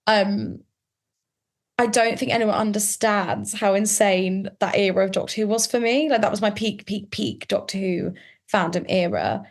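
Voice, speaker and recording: A woman's voice: medium pitch, moderate pace. A woman guest on a podcast, chatting casually in an emotional, rambling way full of "like". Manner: emotional, rambling, heavy use of "like". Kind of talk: casual chat.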